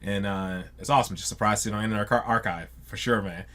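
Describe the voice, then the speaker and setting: Laid-back rambling man, lowish voice. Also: fairly even intonation, fast, sharp tone. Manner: rambling, repeats words, says "man" often. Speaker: reaction channel host. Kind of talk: casual chat to viewers.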